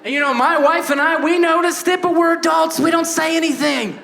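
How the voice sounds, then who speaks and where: A man in his thirties doing a stand-up comedy set, animated, acting out voices and shouting punchlines. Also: very high voice, a little fast, gravelly, echoey room, some chatter behind. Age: 30s. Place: stage before a laughing audience.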